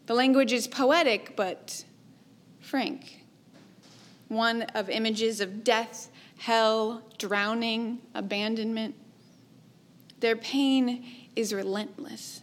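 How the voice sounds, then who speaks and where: A woman preaching a sermon, her voice sitting a little high for a woman. She speaks slowly and deliberately, with a measured, reflective delivery and softly trailing endings. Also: fairly even intonation.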